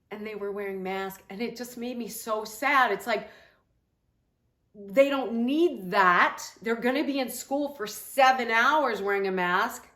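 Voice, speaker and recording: A woman's voice: a little high, pushed and bright, reverberant. A woman, a mom and health coach, talking earnestly to her viewers in a casual, rambling way, with lots of fillers and restarts. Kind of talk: casual talk to camera.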